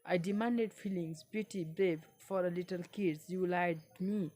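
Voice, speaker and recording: Woman reading aloud, halting non-native English. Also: on the low side, fairly even intonation, darkish tone. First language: not English. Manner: halting, repeats phrases, non-native grammar. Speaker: English learning YouTuber. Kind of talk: reading a book aloud with language lesson.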